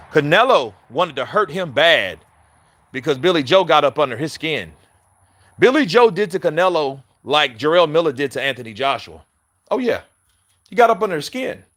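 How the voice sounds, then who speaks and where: A man riffing on boxing in a loose, profane way, with a bright, sharp tone and a slightly higher pitch. His voice sounds close and dry, and he laughs and talks straight to his viewers. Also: no room sound. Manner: animated, profane, laughs often, restarts mid-sentence; addresses viewers directly. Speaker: boxing commentator. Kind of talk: casual chat.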